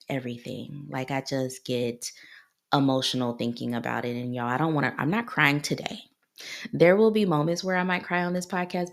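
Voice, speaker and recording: A woman's voice: extremely low pitch, vocal fry, fairly bright tone. A woman in her thirties from Ohio, a clinical psychologist hosting her own podcast, talking in a heartfelt, personal way and often repeating herself. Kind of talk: solo podcast monologue.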